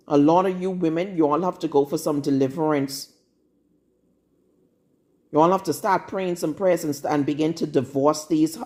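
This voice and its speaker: A woman's voice: deep voice, a little mellow. A woman preaching a live-streamed sermon in a blunt, scolding, confrontational manner. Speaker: prophetess.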